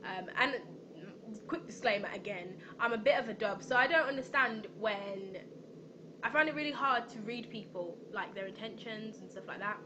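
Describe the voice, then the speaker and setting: A woman's voice: a little high, normal speed, background noise. A young woman rambling through a storytime vlog, with lots of ums and restarts. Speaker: vlogger.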